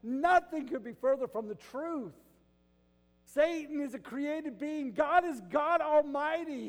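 An older man preaching a sermon, moving between loud emphatic bursts and quiet, hushed stretches. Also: very high voice, long reverb tail. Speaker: pastor.

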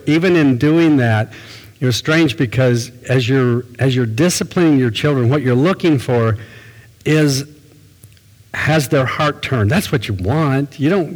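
A man's voice: medium pitch, big-room sound, poor audio. An older man, a pastor, preaching a sermon in a folksy, conversational storytelling way.

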